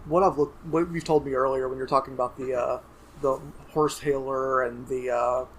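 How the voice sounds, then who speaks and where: A man's voice: medium pitch, fairly even intonation, moderate pace, a little hiss or hum. A man co-hosting a casual gaming podcast, chatty and rambling, often restarting his sentences. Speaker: podcast co-host.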